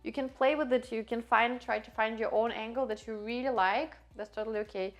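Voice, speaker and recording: A woman's voice: on the high side, fairly even intonation, a little fast. Woman coaching poses. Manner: friendly, demonstrating poses, with frequent fillers and laughs. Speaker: pole posing instructor. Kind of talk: casual instructional video.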